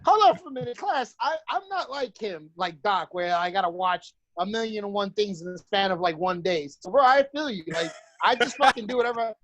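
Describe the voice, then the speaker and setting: A man's voice: high voice, expressive, fairly quick, few pauses, a bit bright, dry recording, muffled recording. Chill podcast guy cursing, retells stuff in voices, very dry sound. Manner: profane, laid-back, acts out quoted friends. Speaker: podcast co-host. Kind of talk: casual chat.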